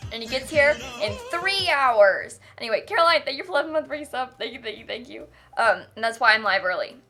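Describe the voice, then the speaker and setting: A fairly high-pitched woman chats on a livestream, giggly and rambling, breaking into laughter often. Soft music plays faintly behind her. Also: animated, a little fast. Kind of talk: casual livestream chat.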